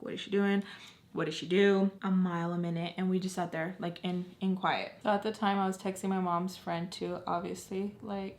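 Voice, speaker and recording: A woman's voice: fairly low pitch, steady tone, normal speed. Young woman telling a storytime, filler-heavy. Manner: profane, emphatic, constant "like" fillers. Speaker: storytime vlogger. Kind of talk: casual storytelling.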